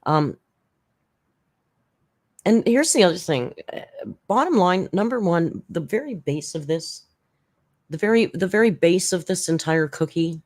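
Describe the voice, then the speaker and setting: A channel host giving casual spoken commentary, blunt and rambling, with frequent restarts, side remarks and sarcastic jumps in pitch for emphasis. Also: lively intonation, measured pace, long pauses, a little mellow.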